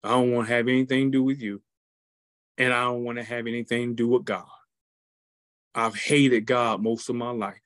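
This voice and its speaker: A bitter, broken old ex-prisoner, as a man puts him on while telling a story, speaking low and solemn. The voice is dry and close, with an ordinary middle pitch. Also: flat delivery, normal speed, pauses often, fairly bright tone, dry recording, lightly acted.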